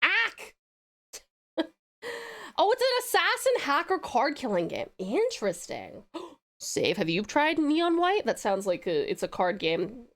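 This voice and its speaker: A woman's voice: on the high side, wildly swooping pitch, unhurried. A young Australian woman streaming live, chatting with viewers in a bubbly, giggly way while she snacks. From Tasmania, Australia. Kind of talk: casual live stream chat.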